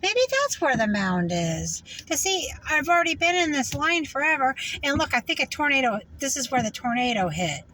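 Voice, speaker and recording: A woman narrating her drive in hushed, shocked exclamations from inside a car. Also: high voice, sing-song, moderate pace, few pauses, distant mic, low-quality recording. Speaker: vlogger. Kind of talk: driving commentary. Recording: clear road noise in car. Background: road and vehicle noise.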